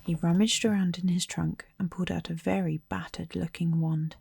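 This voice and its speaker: A woman reading a storybook aloud in a soft, slow ASMR manner, partly whispered. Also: lowish voice, little pitch movement, gravelly, husky, no echo, clean studio sound. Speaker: storybook reader.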